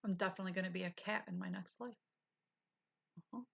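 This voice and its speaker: A woman's voice: on the low side, steady tone, quick pace, gravelly, a bit bright, breathy edge, dull audio. A middle-aged woman hosting a casual livestream, chatting candidly with viewers and laughing often while she recovers. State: recovering, low on energy. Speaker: livestream host. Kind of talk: casual live chat with viewers.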